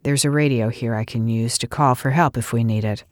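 A lean, guarded man, gruff and soothing in turn, as a female narrator voices him. His lines sit low and sound close and dry. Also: a little fast, dry recording. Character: gruff, lean male pilot, guarded yet tender.

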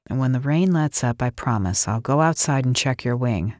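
Gruff male pilot voiced by a woman, soothing, low, storybook. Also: lively intonation, normal speed, a little mellow, no echo, clean studio sound. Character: gruff, lean male pilot, guarded yet tender.

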